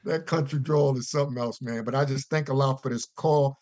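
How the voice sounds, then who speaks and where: A man's voice: medium pitch, steady tone, a little fast, a little mellow, no echo. A man calling in to a religious conference call, giving an earnest, preacher-like testimony and stretching out key words. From US East Coast. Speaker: caller.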